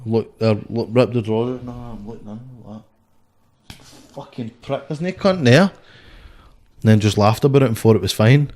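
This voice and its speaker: Low-voiced, swearing Scottish man. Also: fairly even intonation, a little fast, warm tone. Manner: swears constantly, rambling storyteller. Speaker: guest, boxer. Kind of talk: casual podcast chat.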